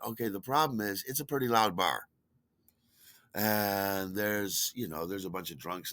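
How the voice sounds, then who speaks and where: Animated man with a bright, lively voice. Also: no echo. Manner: animated, delighted, acts out quotes with big pitch jumps. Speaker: storyteller. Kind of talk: casual spoken storytelling.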